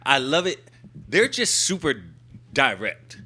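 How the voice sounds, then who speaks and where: A man's voice: on the high side, unhurried, husky. A man hosting a podcast, telling stories in casual chat and calling his co-host "bro" and "brother". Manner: animated storyteller, keeps calling the listener "bro" and "brother".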